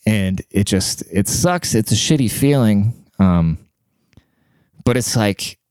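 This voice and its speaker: Quiet low-voiced man in his thirties. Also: animated, slow, smooth, no echo. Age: 30s. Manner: quiet, half-whispered, rambling and profane. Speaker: vlogger. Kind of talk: casual rambling monologue to camera.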